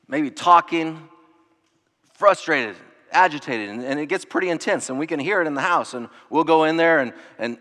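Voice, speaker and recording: A man preaching a sermon in an earnest way, dropping to hushed tones and rising to emphatic ones. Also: fairly high pitch, big-room sound. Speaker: pastor.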